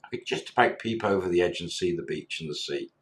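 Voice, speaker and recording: A man's voice: low voice, quick pace. A middle-aged man, a former bar manager, casually tells a story and acts out the quoted dialogue in a chatty way.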